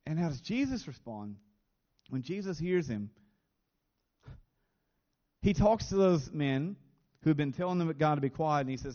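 A man's voice: fairly high pitch, lively intonation, moderate pace, long pauses, warm tone, highs cut off. A man preaching a sermon as pastor, earnest, often repeating words as he presses a point.

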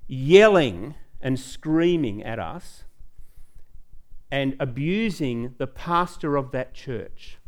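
A middle-aged man, preaching a sermon in a church and telling personal stories with growing excitement. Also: mid-range voice, slow. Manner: storytelling, animated, rising excitement. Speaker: pastor.

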